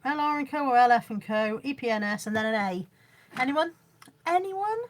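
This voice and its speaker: A middle-aged woman with a Bristolian accent and a slightly high voice, chatting away to her viewers on a phone livestream. She is chatty and self-mocking and keeps reading out comments from the chat. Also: quick pace. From Bristol, England. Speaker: livestream host selling boot sale finds. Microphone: phone camera.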